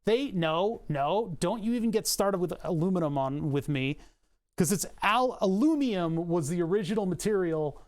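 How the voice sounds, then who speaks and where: Animated and high-voiced, a streamer speaks at a normal pace while chatting casually with his livestream audience and working on a design. His talk wanders, full of joking asides and laughter at his own expense.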